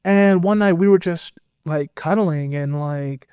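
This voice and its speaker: A man guest on a podcast, telling a personal story in a casual, animated way with lots of fillers. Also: a little high, unhurried, smooth, dry recording, clean studio sound. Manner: animated, expressive, full of fillers. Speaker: podcast guest, metal vocalist.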